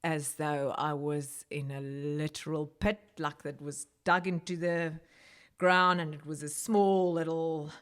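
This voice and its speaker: A woman's voice: little pitch movement, measured pace. A woman from South Africa, a podcast guest, telling her story in conversation, growing emotional as she speaks. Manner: emotional, rising pitch when recounting prayer. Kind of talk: personal testimony in conversation.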